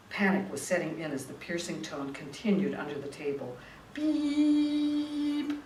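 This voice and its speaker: A woman author, a former tabloid reporter, reading her memoir dramatically and then chatting in an interview, recorded from a distance in a roomy room. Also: deep voice. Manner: vivid, dramatic reading; chatty, restarting in talk. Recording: roomy room, distant mic, faint noise.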